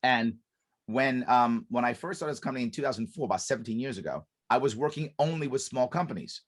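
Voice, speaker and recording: This man, a podcast guest who works as a business consultant, lays out a method with emphasis, restarting and repeating his key points. His mid-range voice moves at a quick pace, and he animatedly acts out quoted dialogue.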